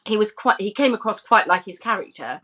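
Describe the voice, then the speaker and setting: A woman's voice: medium pitch, expressive, fairly quick, fairly bright tone. A woman telling an anecdote as a podcast guest, chatty and giggly, with plenty of fillers. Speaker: podcast guest, former film extra. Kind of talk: casual chat, anecdote.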